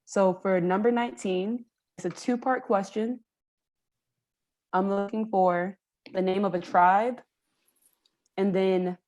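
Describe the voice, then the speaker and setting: A woman's voice: mid-range voice, a little mellow. A woman hosting a live trivia game, upbeat and encouraging, laughing often. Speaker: trivia host.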